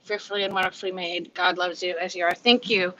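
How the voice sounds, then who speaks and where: A woman in her fifties with a Californian accent talks candidly on a home livestream, a bit out of breath. Her voice is bright and forceful, though the recording sounds dull and muffled. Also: fairly low pitch, flat delivery, fast talker. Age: 50s. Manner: candid, chatty, laughs often, reads comments aloud. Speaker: livestream host. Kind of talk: casual live chat.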